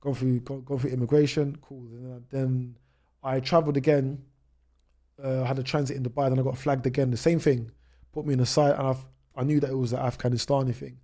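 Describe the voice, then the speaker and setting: A British man in his twenties, a travel YouTuber, telling stories as a podcast guest. He jumps ahead quickly and restarts his sentences often. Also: medium pitch, flat delivery, dark tone. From United Kingdom. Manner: rapid anecdotes with many restarts. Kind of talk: storytelling in a podcast interview.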